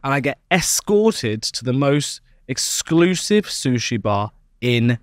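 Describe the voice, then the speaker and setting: Animated young man telling a tall tale. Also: slow, dry recording, clean studio sound. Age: young adult. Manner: playful storytelling, lively swings in pitch. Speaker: podcast co-host. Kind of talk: comic casual chat.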